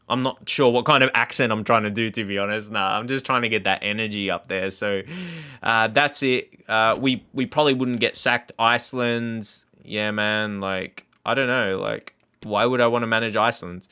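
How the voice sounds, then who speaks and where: Guy doing casual game commentary, kinda bright sharp voice, rambles on and laughs a lot. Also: lowish voice, steady tone, normal speed, clean tone. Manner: rambling, chatty, laughs often. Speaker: gaming channel host.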